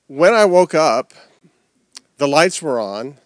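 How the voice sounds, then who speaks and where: Pastor guy preaching outside, lots of questions and repeats, kinda high voice, dry mic. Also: very animated, slow, dry recording. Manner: conversational, with rhetorical questions and repetition. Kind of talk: sermon. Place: outdoor service.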